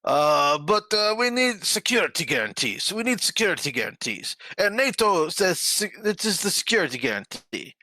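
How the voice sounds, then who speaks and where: A man's voice: very animated, moderate pace, hardly any pauses, bright, forceful tone, dry recording, exaggerated voice. A man putting on a mocking impression of a whiny, pleading middle-aged male leader. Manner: mocking, exaggerated high pleading.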